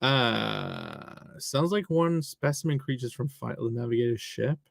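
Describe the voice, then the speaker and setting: A man's voice: mid-range voice, animated, measured pace, vocal fry, dry recording, clean studio sound. A man chatting casually on a live stream, reading out viewer messages and joking around, swearing freely. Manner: rambling, jokey, swears freely.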